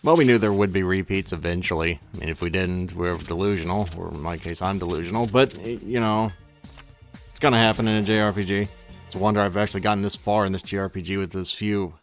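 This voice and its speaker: A man's voice: deep voice, steady tone, quick pace, soft background music. A man giving casual, rambling commentary on his own gameplay, often correcting himself mid-thought. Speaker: let's play gamer.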